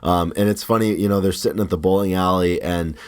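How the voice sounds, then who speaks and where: A man co-hosting a podcast in casual chat, telling stories and quoting film lines in lively put-on voices. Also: sits low, fairly quick, clean tone. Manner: animated, quotes movie lines in put-on voices. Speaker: podcast co-host.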